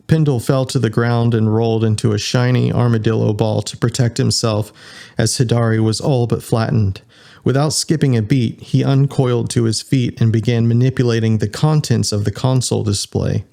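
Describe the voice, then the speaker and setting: A man reading a science fiction audiobook as its narrator, in an even storytelling delivery. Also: medium pitch, normal speed, creaky. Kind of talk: scripted narration.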